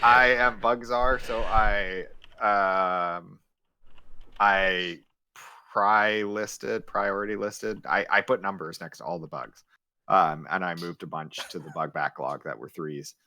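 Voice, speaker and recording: Man, low bright voice, halting stand-up update. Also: fairly even intonation. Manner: halting, many ums and restarts. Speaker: game programmer. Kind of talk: casual team stand-up meeting.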